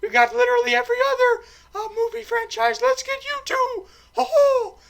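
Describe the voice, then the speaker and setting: Shrill giggly cartoon mouse, smug and pushy, very high and very bright, for a comic recap. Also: male voice, level tone, normal speed, gravelly, heavily acted. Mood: gleeful.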